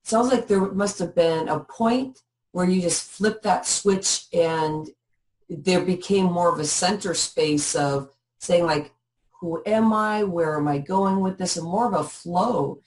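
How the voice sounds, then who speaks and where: A woman's voice: on the low side, takes it slowly, a little mellow. A woman co-host musing aloud and asking the guest a long, thoughtful question. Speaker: podcast co-host. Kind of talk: interview questions. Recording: voice a bit distant from the mic.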